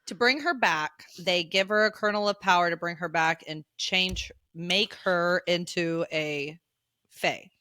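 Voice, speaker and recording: A young woman co-hosting a podcast in casual book chat, talkative, now and then mimicking characters in a high mocking voice. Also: a little slow, sharp tone, no echo, clean studio sound. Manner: chatty, acts out characters' lines in a high mocking voice. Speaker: podcast co-host.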